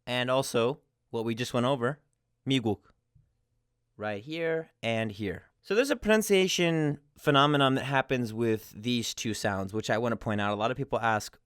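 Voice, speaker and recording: A man's voice: medium pitch, a bit bright, clear, resonant tone, no room sound, studio quality. A man giving a casual, friendly lesson as a language teacher, explaining step by step with examples.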